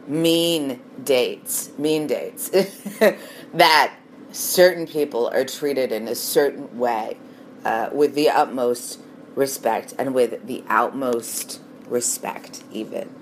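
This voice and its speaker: A woman's voice: a bass voice, takes it slowly, slight background noise. A woman in her late thirties talking in a loose, meandering monologue, laughing often and trailing off. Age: 30s. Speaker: monologue speaker. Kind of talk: rambling casual monologue.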